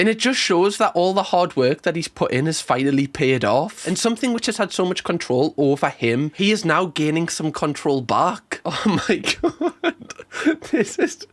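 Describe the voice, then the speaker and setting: A young man, reacting in casual commentary, excitable and often laughing or tearing up. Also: fairly high pitch. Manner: excitable, emotional, laughing and tearful. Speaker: YouTube reaction host.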